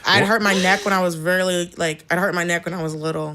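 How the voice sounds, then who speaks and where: A woman with a fairly low voice and a bright, sharp edge to her tone. She tells family stories with blunt candor, laughing as she goes in a relaxed podcast chat. She is from the Southern United States. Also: fast. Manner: candid, blunt storyteller who laughs through her stories. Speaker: podcast guest. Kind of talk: casual storytelling chat.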